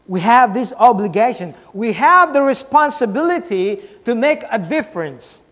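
High-voiced male pastor preaching emphatically. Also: big-room sound. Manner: emphatic preaching with repeated rhetorical questions; swings between loud stresses and soft, low asides. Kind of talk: sermon.

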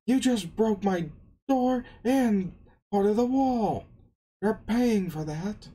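A man voicing a gruff, hot-tempered old male pirate chef, yelling and scolding. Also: high voice, expressive, slow pace, voice pushed up, heavily acted. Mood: angry.

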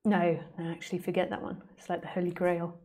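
A woman's voice: fairly low pitch, completely flat delivery, a little fast, darkish tone. A woman hosting a casual spiritual live stream, playful and joking with frequent laughs.

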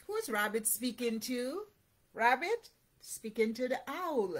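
A woman's voice: a little high, very animated, slow. A woman leading a children's read-aloud, giving parents encouraging, teacherly tips. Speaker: early childhood educator.

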